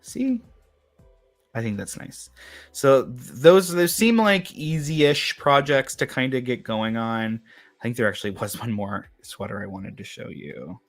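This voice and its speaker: A man's voice: mid-range voice, lively intonation, unhurried, faint music behind. A man hosting a casual craft livestream, chatty and upbeat, rambling a little as he reads viewer comments. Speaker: host of a craft and witchcraft livestream.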